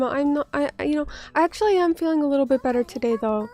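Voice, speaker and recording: A woman's voice: sits high, quick pace, hardly any pauses, warm tone, faint music behind. A woman streamer who is still getting over an illness, chatting casually with viewers, reading their comments aloud, joking at her own expense and swearing now and then. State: still sick, recovering from illness. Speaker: vtuber streamer.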